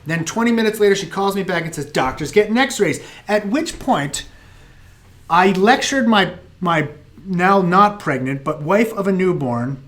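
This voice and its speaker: A middle-aged American man hosting a live viewer Q&A, telling stories in an animated, self-mocking way. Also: sits high, normal speed. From United States. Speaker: host answering viewer questions. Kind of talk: live Q&A chat.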